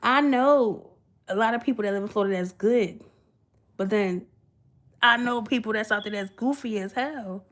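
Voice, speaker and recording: A woman's voice: fairly high pitch, moderate pace, fairly bright tone. A woman, chatting casually and giggling with her livestream viewers. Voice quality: sweet voice. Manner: giggly, chatty, talks back to chat. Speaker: livestream host.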